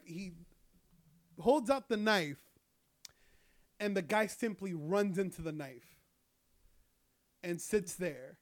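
A man's voice: high-pitched, slow pace, pauses often. Rambling young man swearing casually. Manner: rambling, profane, lots of fillers. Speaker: storyteller. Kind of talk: casual chat.

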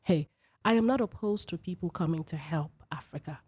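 A woman's voice: low-pitched, fairly quick, a little mellow, slightly rough, dry recording. A woman from Nigeria hosting a personal podcast, talking emphatically and repeating phrases for effect. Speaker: podcast host.

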